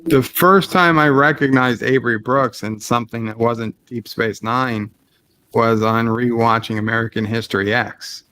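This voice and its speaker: A man's voice: mid-range voice, steady tone, normal speed, bright, forceful tone, slight background noise. A man hosting an easygoing stream chat in a mid-range voice. He talks in a playful, joking way with friends. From Australia. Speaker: host. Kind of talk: casual chat on a livestream.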